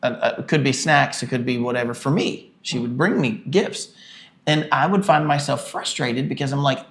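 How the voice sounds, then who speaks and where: Gravelly-voiced chatty man. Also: medium pitch, moderate pace, a bit bright. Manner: chatty, self-deprecating, acts out quotes. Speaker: podcast co-host, pastor. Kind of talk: casual conversation.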